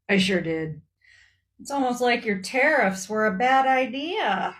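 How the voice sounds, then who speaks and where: A woman's voice: fairly high pitch, expressive, slow pace, a bit bright. A woman voicing smug, dismissive countries in a comedy sketch, answering with dry mockery. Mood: mocking. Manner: dry, mocking, unbothered.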